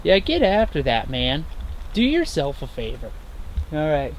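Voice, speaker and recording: A man's voice: fairly high pitch, wildly swooping pitch, a little slow, slight background noise. Upbeat young man vlogging at a beach camp. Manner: chatty, upbeat, laughs often. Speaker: outdoor adventure vlogger. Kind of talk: casual camp vlog narration. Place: outdoor beach campsite.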